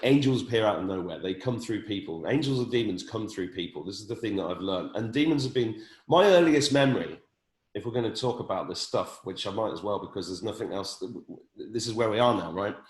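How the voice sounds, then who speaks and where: Lower-voiced man in his fifties, echoey. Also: expressive, brisk. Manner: earnest, stammering restarts. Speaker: host. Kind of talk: casual conversation.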